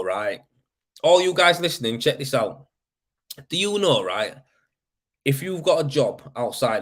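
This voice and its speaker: A man hosting a casual live show, talking loosely and swearing. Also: medium pitch. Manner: swearing, mate-heavy and chatty. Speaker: podcast host. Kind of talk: casual live-stream chat.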